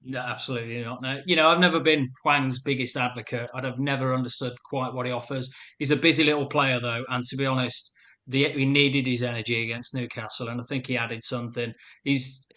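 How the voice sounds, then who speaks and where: A man calling in to a football phone-in, giving measured, considered opinions. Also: medium pitch, fairly even intonation, bright, forceful tone. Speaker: caller. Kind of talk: casual football phone-in chat.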